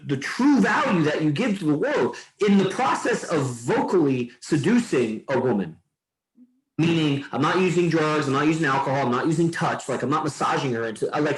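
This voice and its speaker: Rambling man in a roomy room. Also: fairly high pitch. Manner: loose, meandering, swears freely. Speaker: podcast host. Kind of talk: casual rambling chat. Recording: roomy echo.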